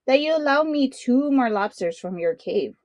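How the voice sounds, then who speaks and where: A woman reading aloud and voicing a clever, bold young island boy who calls out loudly and boastfully in a storybook. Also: high-pitched, animated, normal speed, no echo. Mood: sly. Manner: loud, boastful calling out.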